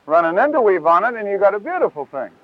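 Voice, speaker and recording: Man preacher, high voice, animated and folksy; tinny lo-fi tape sound. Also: fast, dry recording. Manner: lively, casual, acts out scripture voices. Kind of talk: Bible teaching talk.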